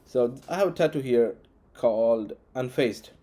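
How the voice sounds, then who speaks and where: Guy rambling through a story to camera, mellow voice, lots of ums. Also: mid-range voice, expressive, a little slow. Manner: rambling, frequent restarts and fillers. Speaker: vlogger.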